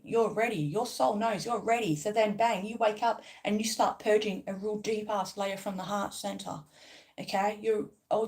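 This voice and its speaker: A woman in a casual spiritual vlog, talking emphatically and repetitively and swearing freely. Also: medium pitch. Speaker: spiritual vlogger. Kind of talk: casual spiritual pep talk.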